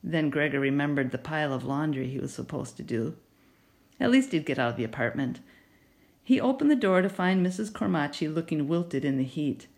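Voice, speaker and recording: A woman narrating a children's novel in an expressive storytelling manner. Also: deep voice, a little fast. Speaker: audiobook narrator.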